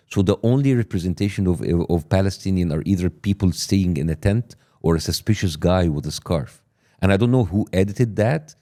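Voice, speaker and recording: A middle-aged man whose first language is Arabic, a guest arguing deliberately and indignantly, stacking up grievances. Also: low-pitched, dark tone. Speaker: guest on a podcast clip. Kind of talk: pointed interview argument.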